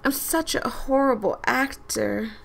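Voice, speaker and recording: A woman's voice: high voice, a little slow, gravelly. A young woman hosting a gaming video, making giggly, self-mocking asides between the lines she reads. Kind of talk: casual gameplay commentary.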